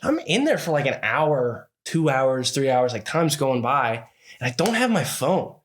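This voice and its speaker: A man co-hosting a casual podcast, telling a long story in a lively way, acting out the people in it and swearing freely. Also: medium pitch, measured pace, a little hiss or hum. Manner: animated storytelling, acting out what others said, frequent swearing. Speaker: podcast co-host.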